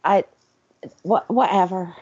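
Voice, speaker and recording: A woman's voice: mid-range voice, unhurried, a little mellow, slightly rough. A woman co-hosting a casual movie commentary chat, exasperated, sarcastic and nerdy, on slightly dull lo-fi audio. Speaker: podcast co-host.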